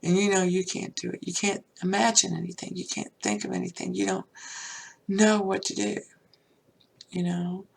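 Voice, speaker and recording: A woman's voice: mid-range voice, level tone, moderate pace, vocal fry, slight background noise. An older woman hosting a spiritual podcast, talking personally and heartfelt in a rambling way with many fillers. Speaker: podcast host.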